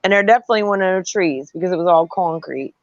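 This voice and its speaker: A middle-aged woman telling a wild story in casual chat, animated, laughing often, and swearing freely. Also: fairly low pitch, quick pace, no echo, muffled recording.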